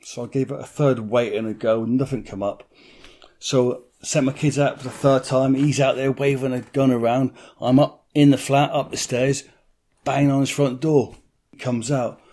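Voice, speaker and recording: A man's voice: medium pitch, fairly even intonation, moderate pace, warm tone. A blunt middle-aged man tells his story in an interview, plain-spoken and salty with his language. He acts out other people's lines as he goes. His voice sits in an ordinary middle range for a man.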